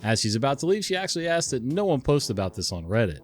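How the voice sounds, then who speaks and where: Male host, animated storytelling, chuckles, faint guitar under voice. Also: mid-range voice, fast. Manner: chuckling, conversational, digressive. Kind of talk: casual story narration.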